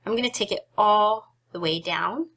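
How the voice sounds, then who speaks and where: Hosting a relaxed tutorial on photography software, this young woman speaks at a normal speed in a clear, bright mid-range voice. Slightly breathless, she giggles, chats, and tosses in self-deprecating jokes between each step.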